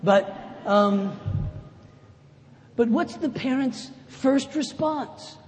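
A pastor giving a sermon in a conversational way, rising to loud emphatic lines and dropping to soft, low asides. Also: male voice, extremely slow. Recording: echoey hall with faint ambience.

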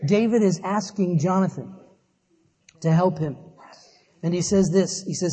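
A man's voice: high-pitched, measured pace, long pauses, warm tone, slightly rough. A man preaching a sermon, earnest, building to emphatic repeated phrases. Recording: long hall reverb.

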